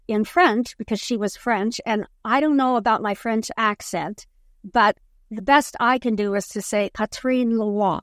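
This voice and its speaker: Woman author guest, slightly high voice, slow and earnest, dry close sound. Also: fairly bright tone, no room sound. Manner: earnest, measured storytelling. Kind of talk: podcast interview.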